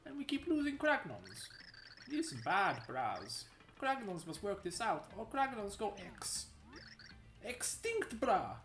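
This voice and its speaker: A woman's voice: mid-range voice, big pitch swings, takes it slowly, fairly bright tone. A woman voicing a dim-witted male rock-creature chief who talks in broken grammar and surfer slang, with a made-up Italian-country accent. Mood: pleading. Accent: made-up accent, Italian with a country twang. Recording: echoey room with game music.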